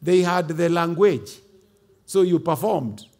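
A Kenyan man delivers a sermon as a bishop, his voice pitched high for a man. He preaches with emphasis and drops in Swahili and Kikuyu asides. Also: slow pace, mellow.

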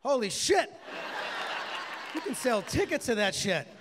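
A man doing stand-up comedy on a club stage, brash and profane with loud bursts. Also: very high-pitched, very animated, unhurried. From Mexican-American. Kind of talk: stand-up set. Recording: live club recording with hall echo and crowd noise. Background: crowd laughter.

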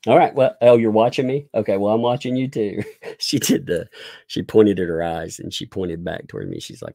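A man's voice: fairly low pitch, expressive, moderate pace, creaky, warm tone, no room sound, clean studio sound. A middle-aged man giving sarcastic live-stream commentary while reading court documents, with chuckling asides and frequent restarts.

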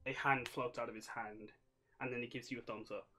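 A man's voice: mid-range voice, level tone, brisk, pushed and bright. Laid-back male game master, improvising scene narration with loose hesitations.

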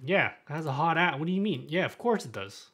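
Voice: mid-range voice, big pitch swings, quick pace, fairly bright tone, husky. A livestreamer chatting casually on stream while showing off a build, rambling and self-mocking, laughing often. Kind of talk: casual live stream chat.

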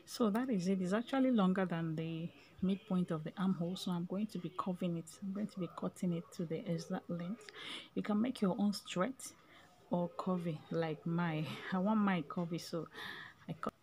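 Woman, sewing tutorial, low voice, raspy fry, voice breaking, faint background noise. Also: moderate pace, a little mellow. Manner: chatty, checks in with "okay?" often. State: voice breaking, partly whispered. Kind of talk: casual step-by-step sewing tutorial.

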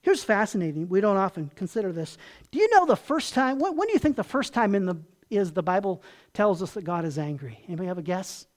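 A pastor preaching a sermon in a folksy, conversational way, asking the congregation questions and dropping soft and low on tender points. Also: sing-song, fast.

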